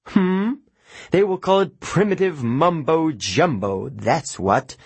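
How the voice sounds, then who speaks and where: A man's voice: fairly high pitch, lively intonation, slow pace, gravelly, breathy edge, no room sound, voice pushed up, heavily acted. A man reading an audiobook, voicing an impatient, scornful camp director who drawls and scoffs. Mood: scoffing.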